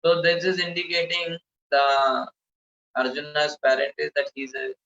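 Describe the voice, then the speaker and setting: A man's voice: fairly high pitch, level tone, moderate pace, sharp tone, roomy sound, muffled recording, slight background noise. A man giving a scripture lecture, defining terms over and over and often correcting himself mid-sentence. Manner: explanatory, repeats and defines terms, frequent self-corrections.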